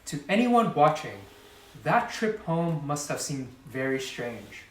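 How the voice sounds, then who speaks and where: A man reading a children's storybook aloud in a lively, expressive way. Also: on the high side, slow, echoey room, distant mic, a little hiss or hum, low-quality recording. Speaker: storybook reader.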